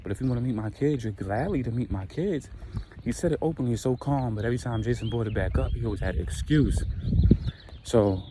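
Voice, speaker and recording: A man casually retelling a dramatic story in slangy, animated speech. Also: mid-range voice, fairly quick, background noise.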